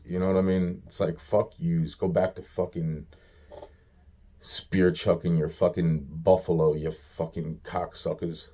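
Deep-voiced man ranting, profane and exasperated. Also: level tone, unhurried, warm tone, slightly rough. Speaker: vlogger. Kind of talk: rambling solo rant.

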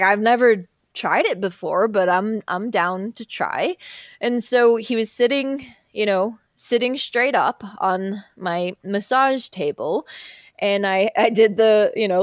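A woman's voice: medium pitch, unhurried, no room sound, studio quality. A woman guest, a hypnotherapist, telling a story in casual chat, laughing often and acting out the people she quotes. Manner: laughs often, animated retelling with quoted voices.

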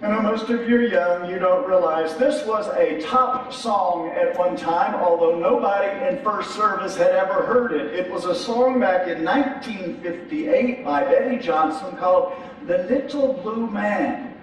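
A middle-aged pastor preaching in a loose, conversational way, often stumbling over repeated words. His voice sits high for a man. It is recorded from a distance in a big, very echoey sanctuary, with a faint hum of room ambience underneath. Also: measured pace. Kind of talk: sermon. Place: large church sanctuary. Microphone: distant from the mic. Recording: echoey church hall from far off.

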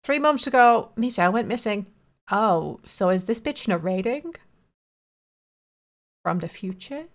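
A woman hosting a let's play, reading game dialogue aloud with crude joking asides and quick mock character voices. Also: mid-range voice, expressive. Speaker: gaming video host.

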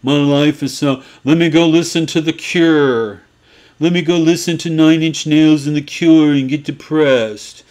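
A man's voice: fairly high pitch, fairly even intonation, unhurried, darkish tone, lightly acted. A man putting on the voice of a mopey, self-pitying goth in a whiny, sighing tone.

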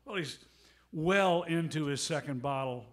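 A man's voice: fairly high pitch, unhurried. A man, a bandleader at a live gig, telling a long anecdote between songs in a rambling, conversational way, full of asides, recorded on a stage microphone in a music club. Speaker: bandleader and harmonica player.

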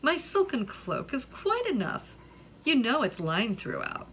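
A woman putting on a light, high voice for a vain young girl in a recited poem. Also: huge pitch swings, a little slow, a bit bright, slight background noise, full character voice. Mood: proud.

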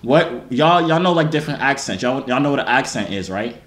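A man's voice: mid-range voice, lively intonation, a little fast, a bit bright. A man, joking and flirting with strangers on a video chat. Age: 30s. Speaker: host. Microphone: phone or webcam. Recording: echoey room, faint noise.

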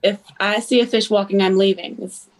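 A woman's voice: medium pitch, fairly even intonation, a little fast, rough recording. A woman, a navy veteran guest on a podcast panel, talking in a cheerful way and laughing often. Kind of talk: casual panel chat.

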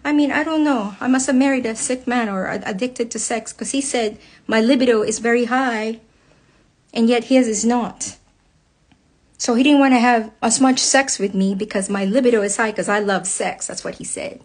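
A woman's voice: a little high, moderate pace. A woman, speaking straight to her viewers in a blunt, impassioned, heavily profane personal rant. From United States.

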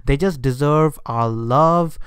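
Man, vlogger, ranting and indignant, stumbling restarts; smooth, clean, dry close sound. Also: fairly high pitch, takes it slowly, no room sound. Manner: indignant ranting with frequent hesitations. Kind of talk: unscripted rant.

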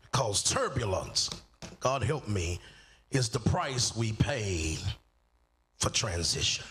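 A man preaching as a guest pastor at a church service, emphatic and repetitive, drawing out key words and building to shouts while he calls on the congregation to answer. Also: lowish voice, very animated. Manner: drawn-out phrasing on key words. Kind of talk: sermon with call and response.

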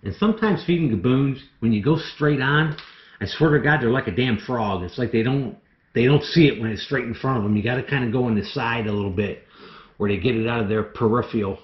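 A man keeping snakes, talking through a casual how-to vlog in an excitable, chatty way. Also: mid-range voice, brisk. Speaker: snake keeper. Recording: echoey room, dull lo-fi sound.

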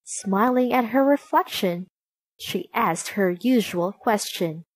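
Slow, clear woman reading a storybook. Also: mid-range voice, no room sound. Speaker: narrator. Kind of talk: storybook read-aloud.

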